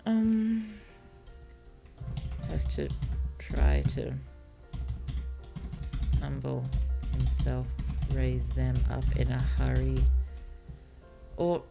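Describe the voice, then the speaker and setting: A woman streaming as a virtual author, thinking aloud about her novel in a hesitant, musing way, with many fillers and soft laughs. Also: a bass voice, animated, extremely slow, creaky, long pauses, over music. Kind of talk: casual thinking-aloud livestream while writing.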